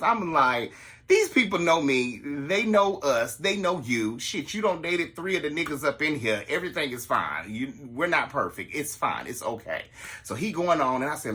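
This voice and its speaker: A man, telling a story to his listeners in a casual, animated way and acting out the quotes. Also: moderate pace. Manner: animated, acts out the quotes in a higher voice. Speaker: podcast host telling a story.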